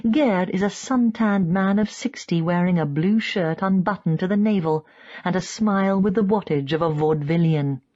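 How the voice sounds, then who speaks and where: Reading a scripted audiobook in first person, a woman lifts her pitch whenever she voices someone being quoted. She sounds a little mellow, and the highs are cut off in the recording.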